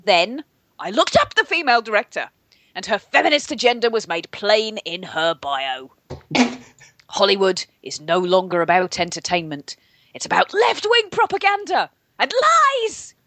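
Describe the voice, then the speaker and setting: A woman's voice: medium pitch, sing-song, measured pace, a bit bright, exaggerated voice. A woman voicing a stiff, resentful anti-feminist reviewer who rants. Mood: ranting. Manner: rigid, ranting.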